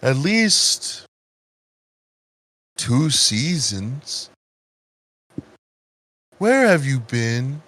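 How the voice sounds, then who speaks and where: A man voicing a small, timid lost plant that speaks hesitantly and haltingly. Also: medium pitch, sing-song, a bit bright, no echo, heavily acted. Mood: unsure.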